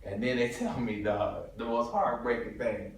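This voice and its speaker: A man from Detroit tells a story as an interview guest, slangy and animated with frequent laughter. His voice sits at an ordinary middle pitch. He sounds distant from the mic in a very echoey room. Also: normal speed. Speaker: guest comedian.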